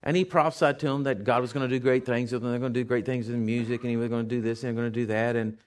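A man's voice: medium pitch, fairly even intonation, rapid-fire. Man preaching in storytelling, emphatic style. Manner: storytelling, building to emphatic repeated declarations; conversational with frequent fillers and restarts. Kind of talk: sermon.

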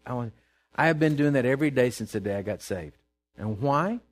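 A male pastor preaching a sermon, swinging from loud declaring to low confiding asides and calling out to the congregation in a folksy way. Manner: folksy and conversational, calls out to the congregation.

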